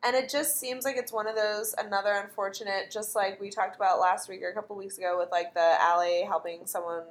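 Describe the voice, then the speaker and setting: A woman's voice: medium pitch, steady tone, brisk. A woman co-hosting a podcast, casually recapping a TV episode and swearing freely as she acts out the characters' lines. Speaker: podcast co-host.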